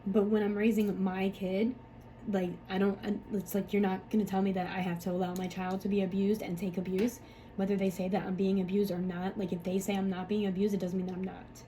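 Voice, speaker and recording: A woman's voice: mid-range voice, little pitch movement, fairly quick, dark tone, a little hiss or hum, poor audio. A woman, a mother, talking to camera in a rambling, frustrated way, full of fillers and swearing. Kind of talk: emotional personal monologue.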